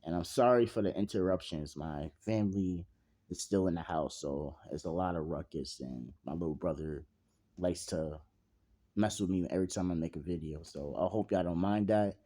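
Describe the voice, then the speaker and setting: A young man with a lowish voice tells an improvised fan story from home. He rambles, leans on fillers and slang, and swears freely. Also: normal speed, warm tone. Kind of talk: casual improvised story narration.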